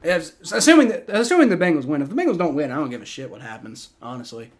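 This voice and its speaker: This young livestream host talks fast in a fairly high voice, swearing freely as he gives excited, rambling play-by-play and reactions to a football game he's watching.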